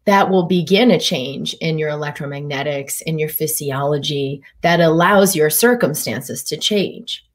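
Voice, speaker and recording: A woman physician talks to her live-stream viewers in a casual, wandering way, often restarting her sentences and filling pauses. Her voice sits a little low for a woman. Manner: meandering, easygoing talk with frequent fillers and restarts. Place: Durango, Colorado.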